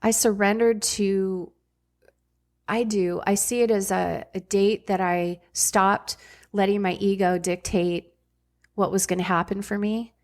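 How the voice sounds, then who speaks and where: A woman's voice: medium pitch, fairly even intonation, measured pace, a little mellow. A middle-aged woman, a podcast guest and former ER nurse, telling her story candidly in a blunt, casual way with frank swearing.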